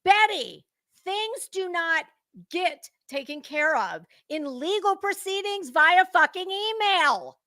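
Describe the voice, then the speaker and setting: Scathing high-voiced woman lecturing, dry sound. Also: big pitch swings, slow pace, sharp tone, no room sound. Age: middle-aged. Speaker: commentary channel host. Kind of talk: profane drama commentary.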